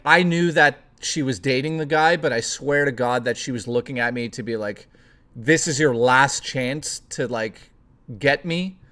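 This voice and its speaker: Profane, playful male streamer, higher voice. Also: sharp tone. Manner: profane, playful, reads chat aloud. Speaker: live streamer host. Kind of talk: casual live-stream chat with viewers.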